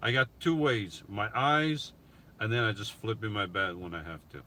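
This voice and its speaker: Hosting a casual livestream Q&A on his phone from his van, a middle-aged man reads out and answers viewer comments. His lowish voice has a sharp tone and a moderate pace, against slight background noise.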